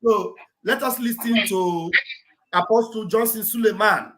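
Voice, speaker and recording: A man with a Nigerian accent hosting a livestream, in casual, halting chat. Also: high voice, fairly bright tone, low-quality recording. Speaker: livestream host.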